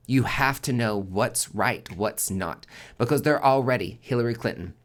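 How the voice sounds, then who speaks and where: A man's voice: medium pitch, moderate pace. A man hosting a monthly tarot forecast in a casual spoken monologue, swearing constantly and driving his points home with emphatic repetition.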